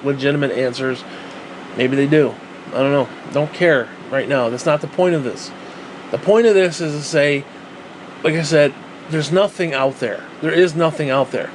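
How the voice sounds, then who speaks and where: A man vents in a rambling vlog rant, swearing freely and circling back on his own points with sarcastic asides. His voice sits a little high for a man. A faint hum runs underneath the recording. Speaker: vlogger. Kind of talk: ranting monologue.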